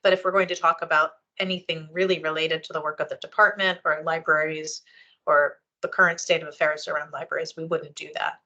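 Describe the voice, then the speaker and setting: Bright-voiced woman explaining at a meeting. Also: low voice, little pitch movement, a little fast, lo-fi sound. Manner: explanatory, conversational, with frequent ums and restarts. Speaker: meeting chair, library official. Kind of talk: public board meeting discussion.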